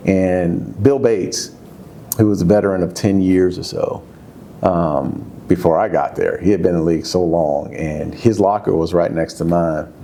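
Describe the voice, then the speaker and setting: A man in his fifties, a former football player, telling stories in a candid, casual interview, his voice jumping high when he gets excited. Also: normal speed, a little hiss or hum. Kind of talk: candid conversational storytelling.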